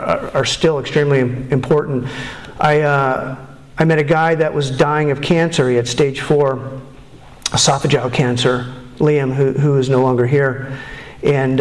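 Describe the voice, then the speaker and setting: A middle-aged man giving candid personal testimony as a speaker at a recovery meeting, earnest and halting, often restarting his sentences. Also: a little high. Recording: echoey room.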